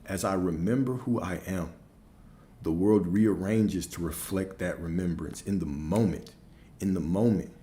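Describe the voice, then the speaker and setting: A man's voice: low voice, unhurried, mellow. A man giving a motivational talk as a spiritual coach, emphatic and repeating affirmations with growing force.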